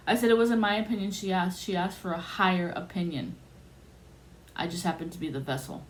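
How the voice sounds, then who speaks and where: A woman with a fairly low, fairly quick voice hosts a podcast, sharing a personal story in a blunt, casual style. She imitates the voices of those she quotes, and faint background noise is audible.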